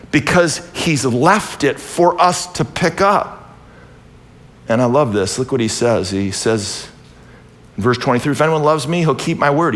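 A man preaching a sermon in a church, animated, reading scripture aloud and asking the congregation questions, shifting between loud exclamations and quiet asides. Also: on the high side. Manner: reads scripture aloud and asks the audience questions. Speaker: pastor.

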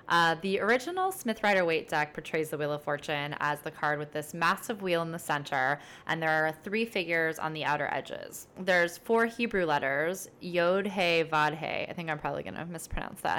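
A woman's voice: low voice, a bit bright. A woman hosting a casual solo tarot podcast, chatty and upbeat, rambling with fillers as she explains things. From based in New York City. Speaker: podcast host and tarot reader.

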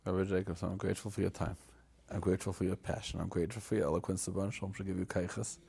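Male interview host, low and gravelly with a husky, mellow tone, measured and courteous. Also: level tone. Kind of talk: interview conversation.

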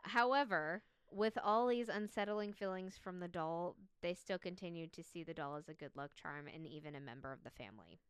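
A woman with a smooth, fairly low voice recounts a creepy tale on a podcast. She is chatty, leans on "like" fillers and laughs readily. The sound is close and dry. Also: brisk, few pauses, no room sound. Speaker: podcast co-host telling a story. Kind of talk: casual storytelling chat.

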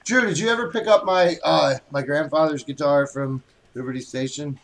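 A man's voice: fairly high pitch, normal speed. A man co-hosting a casual podcast, goofing around with mock radio bits. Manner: goofy, jokey. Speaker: podcast co-host. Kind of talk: casual chat.

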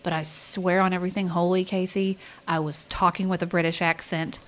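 A woman's voice: on the low side, fairly quick. A woman with a Southern US accent co-hosting a podcast, chatting casually, joking and laughing often. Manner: animated, jokey, laughs often. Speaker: podcast co-host.

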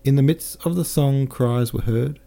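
A man reading a classic novel aloud as a podcast narrator, measured and careful, now and then correcting himself. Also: mid-range voice, creaky, mellow. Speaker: audiobook narrator.

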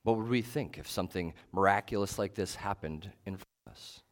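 A male pastor preaching a sermon in a measured, emphatic way, leaning on short repeated phrases. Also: low voice.

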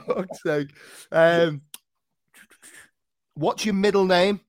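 Man, podcast host, slightly high voice, dry close sound, banter and laughs. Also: drawn-out words, no echo. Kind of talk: casual chat.

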